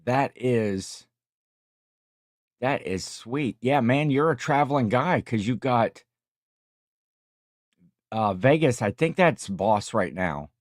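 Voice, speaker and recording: A man's voice: mid-range voice, expressive, takes it slowly, pauses often, no echo, studio quality. A tired middle-aged man hosting a casual livestream, chatting and reading viewer comments in a rambling, jokey way. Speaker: livestream host.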